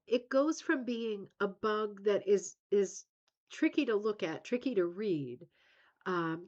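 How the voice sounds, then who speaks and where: A woman's voice: mid-range voice, a little mellow. Chatty woman host musing aloud, lo-fi. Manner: chatty, musing aloud, frequent ums and rhetorical "right?". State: tired, yawning. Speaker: livestream host of a rug hooking club. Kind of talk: casual livestream chat.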